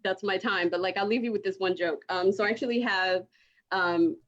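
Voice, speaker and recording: A woman's voice: mid-range voice, brisk, fairly bright tone. Rambling self-mocking woman comic, lo-fi call. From outside the United States. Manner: rambling, self-mocking, laughs through lines. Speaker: stand-up comic. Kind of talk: stand-up set on a video call. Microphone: video call. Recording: dull lo-fi video call audio.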